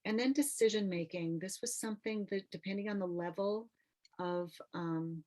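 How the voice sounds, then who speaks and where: A middle-aged woman who is an artist and nurse, teaching an online training workshop in a relaxed, conversational way with frequent ums and restarts. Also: mid-range voice, moderate pace, rough recording. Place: home or studio, video call. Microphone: computer mic on video call.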